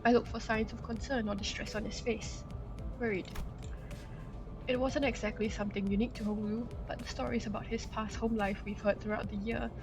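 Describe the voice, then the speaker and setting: A woman's voice: a little high, steady tone, a little fast, poor audio. A woman streamer reading a game's story aloud and talking back to its characters. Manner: reads narration and scolds characters out loud. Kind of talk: game playthrough with read-aloud narration. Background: game music.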